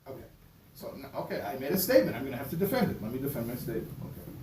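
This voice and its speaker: A man teaching a class and telling a story in a lively way, stumbling over and repeating words as he goes. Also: mid-range voice, racing, crowd noise. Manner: animated storyteller, repeats words, voices characters. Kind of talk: lecture with a told story. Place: synagogue class room. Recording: echoey room from far off, noisy.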